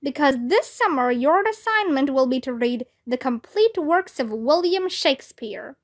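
A woman's voice: high voice, animated, measured pace. A woman voicing a dry, teasing male ghost in a children's story.

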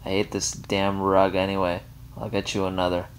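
A man's voice: low-pitched, completely flat delivery, moderate pace, smooth, natural voice. A man voicing a jaded, sarcastic woman hostess. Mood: sardonic.

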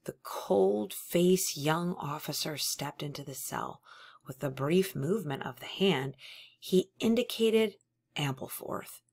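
A woman reading a novel aloud in a measured, steady narration. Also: low voice, vocal fry. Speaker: audiobook reader.

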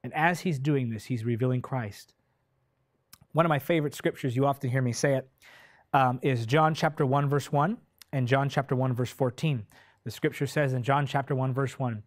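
A man's voice: medium pitch, no room sound. Impassioned preacher man, dry close sound. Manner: impassioned, swells loud then drops soft; slow, drawn-out delivery when stressing key words. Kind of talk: sermon.

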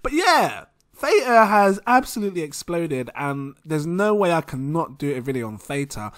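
An excitable young Englishman talks through a casual crypto vlog, rambling and giggling at himself. His pitch swings widely and often jumps up in excitement. His voice sounds bright and forward. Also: moderate pace, no room sound, studio quality. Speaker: crypto vlogger. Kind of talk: casual screen-share commentary.

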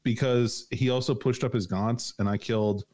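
A man co-hosts a podcast in casual conversation, rambling with many filler words and laughing frequently. His mid-range voice is a little mellow, with a steady tone and normal speed.

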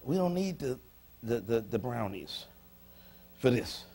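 Husky-voiced preaching man in church. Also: medium pitch, big pitch swings, unhurried, warm tone. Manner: emphatic preaching with call-and-response, repeats lines for emphasis. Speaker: pastor. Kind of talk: sermon. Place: church sanctuary.

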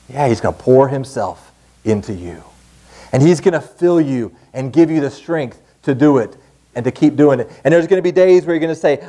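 Earnest preacher, lively rising pitch. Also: male voice. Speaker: pastor. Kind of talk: sermon. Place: church sanctuary.

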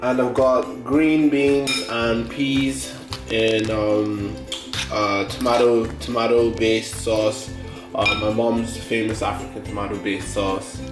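A man's voice: on the low side, little pitch movement, takes it slowly. A man talking casually to camera in a vlog, hesitating often with ums and restarts, and later filming in his kitchen. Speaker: vlogger. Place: home kitchen. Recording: roomy kitchen with guitar music behind.

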